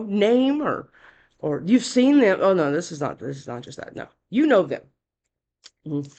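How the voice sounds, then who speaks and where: A woman giving a casual tarot reading, talking bluntly and chattily, scolding and cursing freely. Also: medium pitch. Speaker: tarot reader.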